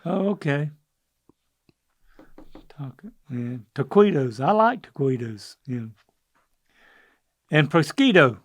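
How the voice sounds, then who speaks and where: A man's voice: fairly high pitch, sing-song, slow pace, long pauses, no echo. An older man, co-hosting a casual chat and stumbling hesitantly over unfamiliar words. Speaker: podcast co-host, the father.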